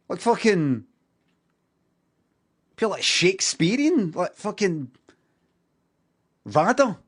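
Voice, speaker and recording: Male podcast co-host, high pitch, mocks and parrots his friend, swears a lot. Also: sing-song, slow pace, long pauses, husky. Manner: mocking, sweary, repeats lines to tease. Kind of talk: podcast chat.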